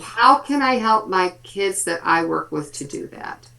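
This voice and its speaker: Brief: woman in her fifties, therapist, chatty and animated in a web chat. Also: mid-range voice, unhurried, gravelly. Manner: lively storytelling, quotes kids and family. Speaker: speech and language therapist.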